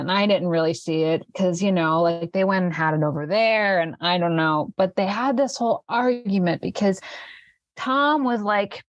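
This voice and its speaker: A woman's voice: mid-range voice, dry recording, close to an everyday voice. A laid-back stoner man, as a woman game master puts him on, who rambles along in a mid-range voice, trailing off and circling back on himself. The sound is close and dry, with almost no room around it. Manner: rambling, hesitant, full of fillers.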